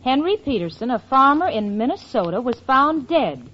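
An actress playing a sensible young working woman in a 1940s radio comedy, brisk and patient. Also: high voice, sing-song. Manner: brisk, patient, slightly stammering. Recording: lo-fi old radio recording.

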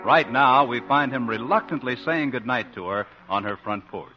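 Male announcer, genial scripted narration, lively pitch, vintage dull radio sound. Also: moderate pace. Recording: dull old radio recording with music.

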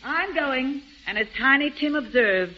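An actress playing a wry, cheerful woman friend in a 1940s radio drama, with a bright, joking delivery. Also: sits high, lively intonation, measured pace. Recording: dull lo-fi old radio recording with faint hiss.

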